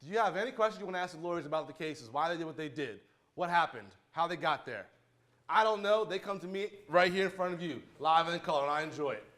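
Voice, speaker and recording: A fired-up man lectures students in a courtroom, his voice a touch high and swinging widely as he preaches. He stumbles and repeats himself when he gets worked up. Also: quick pace. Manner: fiery, preachy, stutters when excited. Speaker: judge. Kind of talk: animated courtroom talk to students.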